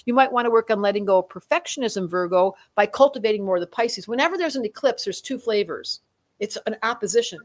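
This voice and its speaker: A woman astrologer giving a conversational yearly reading, lively and acting out the signs in little quoted voices. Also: mid-range voice, fast.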